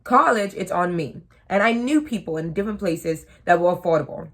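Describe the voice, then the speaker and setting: Her voice is fairly low but animated and fairly quick. A woman in her twenties, she vlogs casually to the camera, joking at her own expense and wandering off into tangents.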